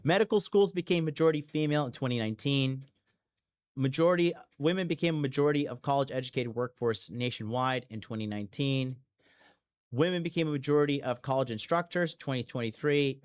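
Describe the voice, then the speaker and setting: Blunt, profane male podcast host. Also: medium pitch. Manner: lots of fillers and restarts. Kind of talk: casual monologue.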